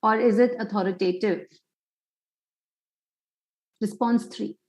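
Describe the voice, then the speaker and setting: A woman's voice: mid-range voice, steady tone, slow, a little mellow, roomy sound, poor audio. A woman psychologist giving an online parenting workshop, quizzing listeners with many questions.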